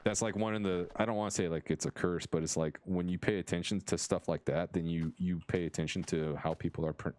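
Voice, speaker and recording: A young American man talks into a headset during a live stream, rambling and restarting as he goes. His voice sits very low, and it comes through smooth and clear. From United States. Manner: rambling, self-interrupting, laughs often. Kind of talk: casual chat on a live stream.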